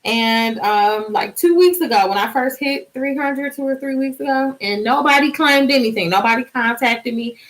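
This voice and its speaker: A woman's voice: high voice, normal speed, hardly any pauses, a bit bright, poor audio. A woman hosting a casual live stream, chatty and bubbly, sleepy and singing out little cheers.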